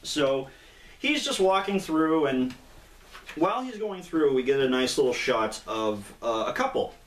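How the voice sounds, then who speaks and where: A man's voice: medium pitch, animated, unhurried, slight background noise. A man casually retelling a comic book's plot in a rambling way, with lots of fillers and acted-out quotes. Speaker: comic book reviewer, co-host. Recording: echoey room.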